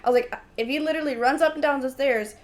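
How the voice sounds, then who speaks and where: A woman's voice: high-pitched, rapid-fire. A woman chiming in on a shared story in casual, emphatic chat.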